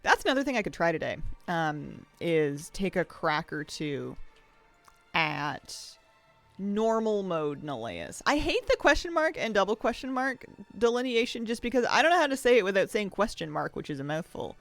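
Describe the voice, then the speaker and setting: A game streamer talking casually from a home office, chatty and rambling and quick to laugh. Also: medium pitch, big pitch swings, soft background music. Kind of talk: casual chat while streaming a video game.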